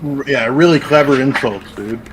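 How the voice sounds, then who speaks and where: A man's voice: medium pitch, moderate pace, crowd noise, rough recording. A man co-hosting a podcast in laid-back casual chat, peppering his talk with 'dude'. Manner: laid-back, says dude constantly. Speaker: podcast co-host.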